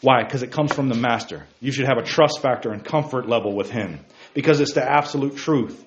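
A man's voice: medium pitch, a little fast, dull audio. Man preaching with fervor in an echoey room. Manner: exhorting, repeats "hey guys", rising emphatic peaks. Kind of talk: sermon.

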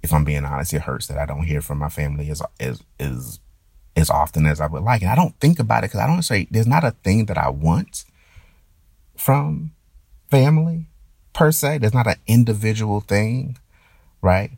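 Deep gravelly man, halting and reflective. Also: lively intonation, darkish tone, no room sound. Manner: hesitant, restarts and stammers. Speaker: performer. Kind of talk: reflective personal monologue.

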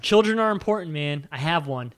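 A middle-aged man co-hosting a podcast, talking about a film in an animated, opinionated way, with sudden high-pitched bursts. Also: a little fast. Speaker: podcast co-host. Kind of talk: casual film discussion.

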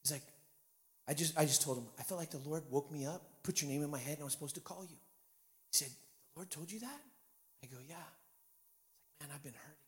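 High-voiced male preacher in a reverberant hall. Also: steady tone, brisk, long pauses. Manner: storytelling, building to shouted preaching. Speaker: guest pastor. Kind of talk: sermon.

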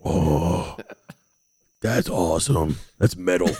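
A man voicing a gruff companion character at a tabletop game, talking eagerly. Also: low-pitched, slow pace, mellow, no room sound, voice pushed down, full character voice.

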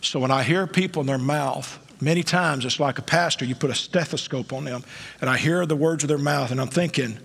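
A male pastor preaching a sermon, with emphatic delivery that swings between quiet asides and loud peaks, recorded in a church. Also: on the high side, a little fast, creaky, husky. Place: church sanctuary. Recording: long church hall reverb.

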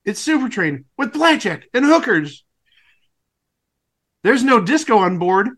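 A man's voice: high voice, very animated, a little slow, a bit bright. A man co-hosting a podcast, making wry, rambling comedic asides about an old TV broadcast. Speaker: podcast co-host. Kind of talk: casual comedic commentary.

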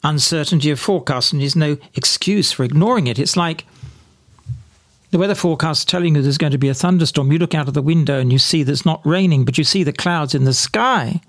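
A man's voice: fairly high pitch, a little fast. Sardonic man giving spoken commentary. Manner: sardonic, mocks opponents with quoted voices; some slips and repeated words.

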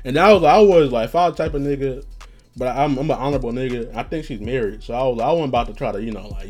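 A man's voice: medium pitch, fast, a little mellow. A man telling a long, winding story on his own show, with a voice in the middle range. He swears freely, wanders off topic and keeps laughing at himself, while faint music plays behind him. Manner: rambling, profane, laughing at his own stories. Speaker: podcast host. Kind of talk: casual storytelling.

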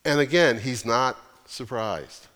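A male pastor preaching an earnest, emphatic sermon with deliberate pauses. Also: mid-range voice, a bit bright, in a large hall.

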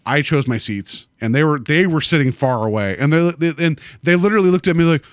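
Animated rambling man, dry close sound. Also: fairly high pitch, fairly quick, no room sound. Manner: animated, rambling with many fillers. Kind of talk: casual movie discussion.

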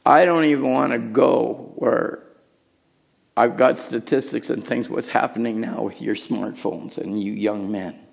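A middle-aged man preaching a sermon as pastor, telling a story with hushed asides and raised, urgent lines. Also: mid-range voice, steady tone, measured pace, creaky. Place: church.

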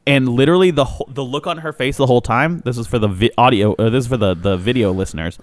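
A man's voice: mid-range voice, fast, no room sound, clean studio sound. A man co-hosting a podcast, telling a funny story in casual chat, laughing often and acting out what people said. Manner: animated storyteller, acts out quotes, laughs often. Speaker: podcast co-host.

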